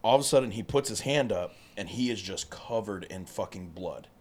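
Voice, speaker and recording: Man, low voice, profane animated storyteller on a chat podcast. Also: a little fast. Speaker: podcast guest. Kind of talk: casual storytelling.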